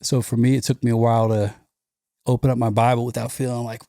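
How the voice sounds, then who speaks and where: A former pastor in his forties talks through faith on a podcast in a relaxed, animated way, slipping into mocking voices for the people he describes. His voice is warm and mellow, and it sits close and dry on a studio mic. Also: medium pitch, fast talker, no room sound. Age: 40s. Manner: lively storytelling with mocking quoted voices and restarts. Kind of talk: casual conversation.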